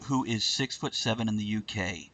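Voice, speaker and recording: A man's voice: on the low side, moderate pace, a crowd in the background. A man hosting a casual live-stream chat show, talking loosely and swearing now and then. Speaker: host.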